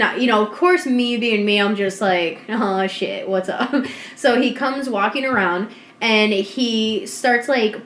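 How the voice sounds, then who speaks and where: A woman co-hosting a podcast, telling a story in casual chat, animated and swearing, acting out what people said. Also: mid-range voice, a little hiss or hum. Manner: animated, swearing, acts out quotes. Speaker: podcast co-host. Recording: roomy echo.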